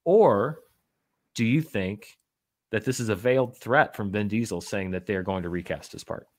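A man's voice: lowish voice, moderate pace. Wry, joking male podcast host. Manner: joking, wry, with many fillers and restarts. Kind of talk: casual chat reading news.

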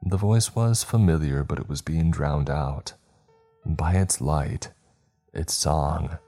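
A man narrating a horror story in a steady, measured storytelling voice. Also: extremely low pitch, soft background music.

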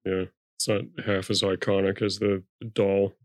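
A man's voice: sits low, completely flat delivery, moderate pace, dry recording. A young man co-hosting a podcast in casual chat, dry and skeptical in his remarks. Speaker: podcast co-host.

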